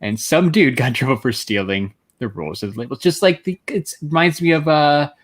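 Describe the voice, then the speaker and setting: A man's voice: on the high side, expressive. Easygoing man co-hosting a podcast. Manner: easygoing, quick to laugh, reads listener comments. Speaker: podcast co-host. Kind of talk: casual chat.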